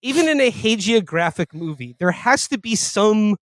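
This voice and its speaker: A man's voice: sits high, lively intonation, moderate pace, fairly bright tone, no room sound. A man co-hosting a comedy podcast, riffing sarcastically in casual chat. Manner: riffing, sarcastic, slips into mock voices. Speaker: podcast host.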